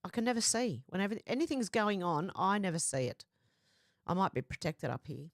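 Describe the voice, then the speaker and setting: An Australian woman hosting a livestream, chatting casually and reading viewer comments aloud in a lively quoting voice. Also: lowish voice, fairly quick, no room sound, studio quality. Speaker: livestream host.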